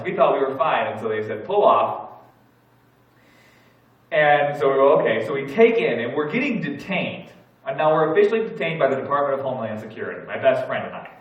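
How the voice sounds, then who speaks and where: Pastor preaching in an echoey church. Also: male voice, medium pitch. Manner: storytelling, animated, acts out his own panic. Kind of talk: sermon. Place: church sanctuary. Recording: echoey church hall, distant mic, dull sound.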